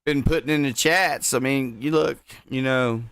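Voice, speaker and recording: A man's voice: medium pitch, moderate pace, fairly bright tone, clear, resonant tone, no echo. A man co-hosting a casual gossip chat, laid-back and often chiming in with agreement. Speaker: co-host.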